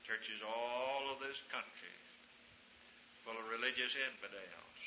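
A man's voice: medium pitch, slow, pauses often. Male preacher, fervent and dynamic, recorded in an echoey room with hiss. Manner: fervent, swings from hushed to shouting. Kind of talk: sermon.

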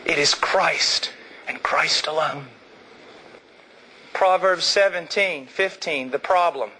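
Man, preacher, sermon, high-pitched, emphatic, builds to shouting. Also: slightly rough, poor audio. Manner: emphatic, rises to shouting, slows down for stress.

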